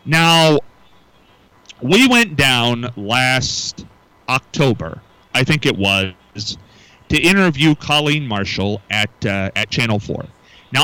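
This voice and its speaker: A man's voice: mid-range voice, bright, forceful tone, smooth, low-quality recording. A middle-aged man hosting a casual morning radio talk show, musing aloud and often repeating words as he restarts.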